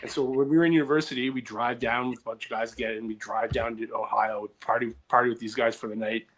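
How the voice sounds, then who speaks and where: A man's voice: medium pitch, fairly even intonation, quick pace. A man hosting a comedy podcast, rambling through anecdotes with restarts and acted quotes. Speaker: podcast host. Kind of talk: casual comedy podcast storytelling.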